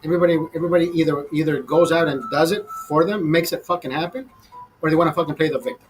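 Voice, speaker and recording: A man's voice: fairly high pitch, rapid-fire, slight background noise, low-quality recording. A man ranting casually to his viewers over a beer, profane and fired up, calling them brother. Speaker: host.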